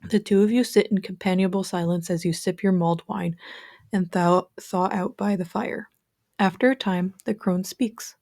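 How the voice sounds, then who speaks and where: A woman narrating a guided meditation in a calm, measured storytelling manner. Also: mid-range voice.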